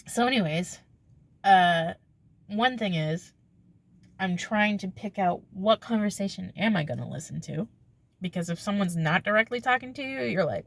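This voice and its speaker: A woman's voice: mid-range voice, normal speed, no echo. Rambling young woman, dry close sound. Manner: rambling, self-interrupting, laughs often, acts out quoted exchanges. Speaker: vlogger. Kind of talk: casual confessional talk to camera.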